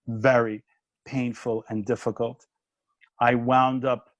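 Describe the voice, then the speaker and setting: A man in his fifties, a comedian turned minister, telling a story in a casual chat with quick restarts and acted-out dialogue. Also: mid-range voice, no room sound.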